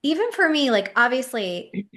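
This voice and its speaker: A woman's voice: sits high, sing-song, moderate pace, fairly bright tone. A woman hosting a spiritual podcast, chatting casually and agreeably with her guest. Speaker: podcast host.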